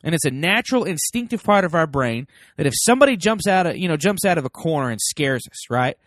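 A man hosting a casual parenting talk, folksy and animated, acting out quoted voices as he speaks. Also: on the high side, fast talker, no room sound, studio quality. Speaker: parenting podcast host.

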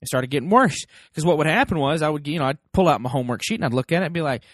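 A man hosting a casual parenting talk, folksy and animated, acting out quoted voices as he speaks. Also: a little high, rapid-fire, no echo, clean studio sound. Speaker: parenting podcast host.

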